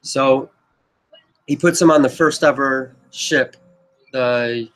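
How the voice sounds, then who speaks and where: A man talks straight to camera, pitching his own script in a loose, wandering flow that keeps circling back with "you know" and "but yep." His voice sits at an ordinary middle pitch and stays flat, with little rise or fall. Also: takes it slowly, long pauses, low-quality recording. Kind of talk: casual rambling pitch to camera.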